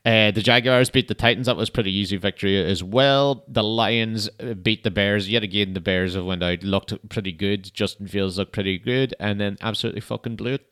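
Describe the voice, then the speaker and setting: A man's voice: lowish voice, fairly quick, hardly any pauses, fairly bright tone, clean tone. A young man hosting a podcast, chatting casually in a rambling, laid-back way and swearing often. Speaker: podcast host. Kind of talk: casual solo chat.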